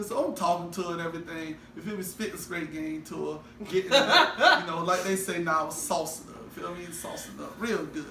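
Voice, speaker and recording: A man's voice: sits high, pushed and bright, roomy sound. Young man, podcast co-host, casual slangy storytelling, laughs often, faint hiss, distant mic.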